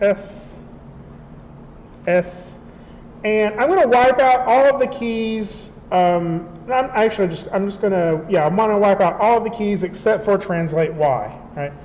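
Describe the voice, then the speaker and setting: A man instructor giving a conversational classroom software lecture, checking in with his students as he works. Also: sits high, a little hiss or hum. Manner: conversational, checks in with "right?" often. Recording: roomy classroom, dull lo-fi sound.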